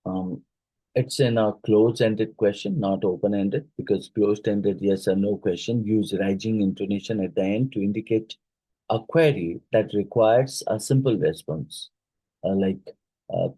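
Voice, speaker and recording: A man's voice: on the low side, dark tone, slightly rough, no room sound, low-quality recording. Hesitant Indian-accented male teacher, dry sound. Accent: Indian English. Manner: hesitant, many fillers, reads questions then explains. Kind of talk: exam-prep lecture.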